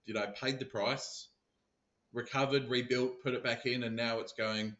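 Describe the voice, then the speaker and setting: A man's voice: medium pitch, fairly even intonation, normal speed, fairly bright tone. A man, a podcast guest and sales business founder, telling stories in casual conversation and repeating words as he restarts. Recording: dull, roomy remote recording.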